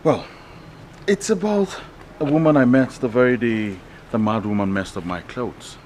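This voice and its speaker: A man's voice: medium pitch, normal speed, slight background noise, close to an everyday voice. A man playing a hot-headed, resentful young prince. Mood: earnest. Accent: Nigerian. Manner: accusing, sneering, shouts at times. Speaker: actor. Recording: film soundtrack with music under it.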